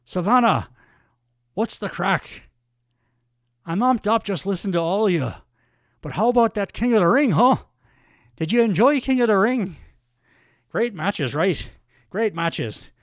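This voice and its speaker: A man puts on a brash wrestler who boasts and jeers in a loud, raised voice. The lilt is thick and the pitch sits high. The sound is close and dry. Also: expressive, unhurried, long pauses, no echo. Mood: boastful. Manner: loud boastful trash talk. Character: impression of brash male Irish wrestler.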